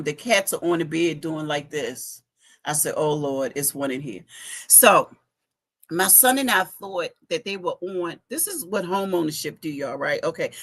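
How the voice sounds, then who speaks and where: Her voice sits low and sounds gravelly. She's a middle-aged fashion week organizer giving a live update, chatting animatedly to viewers through a phone during a casual livestream from her home basement.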